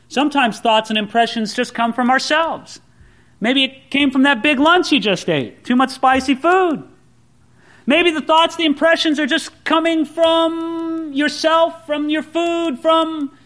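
A male pastor preaching a sermon, telling Bible stories and acting out the people in them. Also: high voice. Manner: animated storytelling preacher, acts out voices.

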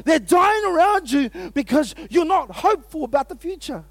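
High-voiced, fired-up man preaching. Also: normal speed, dry recording. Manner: energetic and exclamatory, often laughing, calls out to the audience. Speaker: pastor. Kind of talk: sermon.

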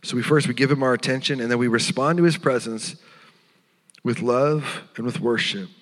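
A man preaching a sermon as pastor, earnest and tender, sometimes dropping to a hushed voice. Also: mid-range voice, moderate pace, in a large hall. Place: church sanctuary.

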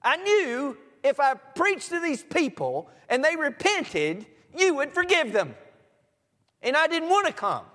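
A preacher voicing a whiny, resentful prophet who complains loudly. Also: male voice, extremely high pitch, very animated, a little slow, long reverb tail, pitched above the performer's own voice, heavily acted. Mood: whining.

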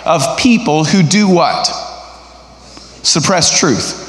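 A middle-aged man preaching a sermon in a church sanctuary, his voice sitting a little higher than most men's. He talks in a lively, conversational way and puts questions to the congregation. The sound carries a long, roomy hall reverb from the stage mic. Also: takes it slowly. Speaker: guest preacher.

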